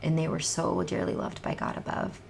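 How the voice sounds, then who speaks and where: An earnest woman shares her personal testimony as a guest in a podcast conversation, her voice low and edged with a gravelly fry. She speaks from the heart and often drops to a hushed, breathy near-whisper. A faint hiss sits under her voice. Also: level tone, brisk.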